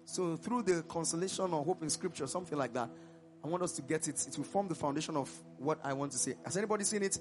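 A man preaching a sermon in an animated way, asking the congregation questions and answering them himself. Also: a little high, fast, soft background music. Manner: breaks into song mid-sermon.

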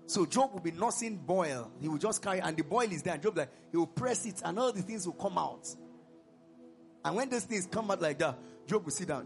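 A man preaching a sermon in an animated way, asking the congregation questions and answering them himself. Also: high voice, fairly quick, faint music behind. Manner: breaks into song mid-sermon.

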